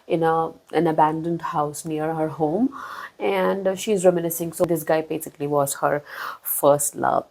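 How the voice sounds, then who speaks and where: A woman reviewing a book in a casual vlog, talking in a chatty, expressive way with big swings in pitch and loudness. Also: low-quality recording. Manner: chatty, with frequent fillers and restarts.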